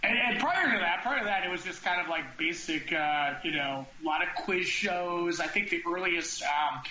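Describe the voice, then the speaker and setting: Bright high-voiced male podcast host. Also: normal speed. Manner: rambling, with restarts and filler words. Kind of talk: casual comedy podcast chat. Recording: roomy, slightly dull sound with faint noise.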